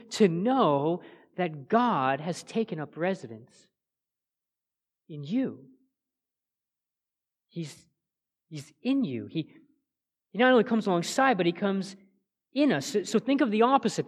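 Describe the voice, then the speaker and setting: A man preaching a sermon as pastor, earnest, rising to emphatic peaks and then dropping soft. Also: high voice. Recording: long church reverb.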